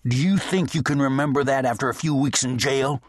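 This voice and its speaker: Male narrator plays a steady, commanding sheriff, low and husky. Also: brisk, no room sound, studio quality, lightly acted. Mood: harsh. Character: stern, steady frontier sheriff.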